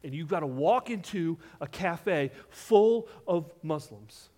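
Brief: male pastor, mid-sermon, animated, quizzes the room, drops to hushed asides, voice sits a bit high. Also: takes it slowly. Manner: animated, questions the congregation directly; swings between loud emphasis and hushed asides.

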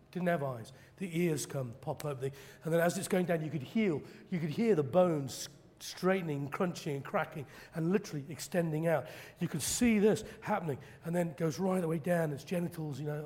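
Dramatic man preaching in a reverberant hall. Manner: dramatic storytelling, acting out quoted preachers with loud high bursts. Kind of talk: sermon.

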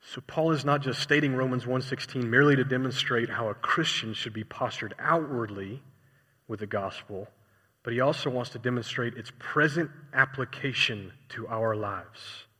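A man's voice: medium pitch, normal speed, pushed and bright, slightly rough. A man preaching a sermon in a conversational way, often asking his listeners rhetorical questions. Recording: long reverb hall.

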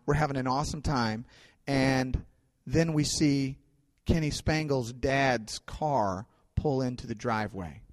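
A male pastor giving a sermon, telling stories in a conversational way with fillers, swinging between loud and quiet. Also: medium pitch. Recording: long hall reverb.

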